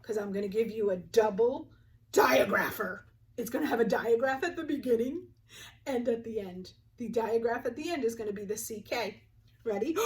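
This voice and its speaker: A woman's voice: on the high side, animated. A young woman teacher giving a phonics lesson to young children, patiently sounding out each word and having them repeat it. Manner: clear, patient, sounds words out slowly. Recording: voice a little distant from the mic.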